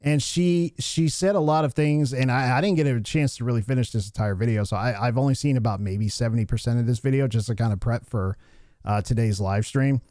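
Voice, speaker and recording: A man hosts a livestream and rants bluntly, brushing things off with repeated restarts. His voice sits at an ordinary middle pitch. It sounds dry and close, with no room around it. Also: fairly quick, warm tone, no echo. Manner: blunt, dismissive ranting with frequent restarts. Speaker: livestream commentary host. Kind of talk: casual reaction commentary.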